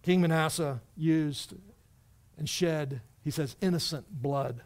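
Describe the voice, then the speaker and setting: A man pastor preaching a sermon in a church, animated and conversational, with wry asides to the congregation. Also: a little high, slow. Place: church sanctuary.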